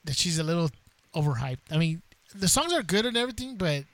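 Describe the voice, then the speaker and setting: A man's voice: fairly high pitch, sing-song, quick pace, fairly bright tone, no echo. A man co-hosting a casual podcast, chatty and loose, full of "dude" and "like.". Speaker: podcast co-host.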